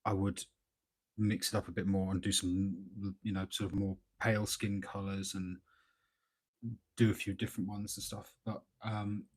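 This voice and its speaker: A man giving relaxed, rambling commentary while painting miniatures live, thinking aloud with lots of fillers. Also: on the low side, husky. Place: at a hobby desk at home.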